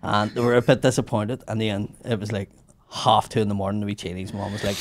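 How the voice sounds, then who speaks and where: A man's voice: fairly low pitch, fairly even intonation, fast talker, a little hiss or hum. A young man telling a profane story in casual podcast banter, laughing often. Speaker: podcast host.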